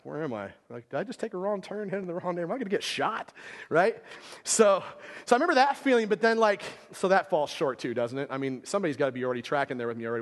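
Man, pastor, 30s, casual rambling sermon, high voice, long church hall reverb. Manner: casual, rambling, lots of "like" fillers. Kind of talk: storytelling sermon. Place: church sanctuary.

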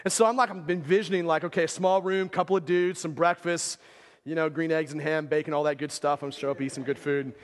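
Talking fast in a steady tone, a slightly high-voiced man delivers a conversational, storytelling sermon full of fillers. He keeps tossing in "right?" The church hall gives the recording a long reverb.

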